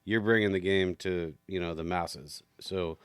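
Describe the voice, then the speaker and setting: A podcast host with a low, smooth voice, upbeat and chatty. He often stumbles over his first words, and his voice is recorded close and dry. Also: steady tone, a little slow, dry recording. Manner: upbeat, repeats words when starting. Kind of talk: casual podcast chat.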